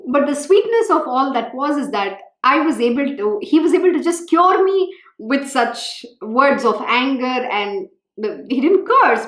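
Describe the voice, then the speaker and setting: Woman, scripture reading and commentary, fairly high voice, echoey room. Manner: earnest, storytelling, animated when recalling her own feelings. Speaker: spiritual teacher reading and expounding scripture.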